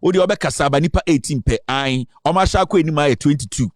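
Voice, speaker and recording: A Ghanaian man hosts a live political talk stream, boastful and rambling as he switches between Twi and English. His voice is on the high side and fast. The recording is dry, with clean studio sound.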